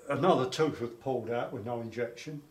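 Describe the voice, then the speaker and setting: A man's voice: medium pitch, fast talker. An older man being interviewed about his wartime childhood, telling his story in a rambling way with repetitions. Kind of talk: oral history interview. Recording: echoey room, faint background noise.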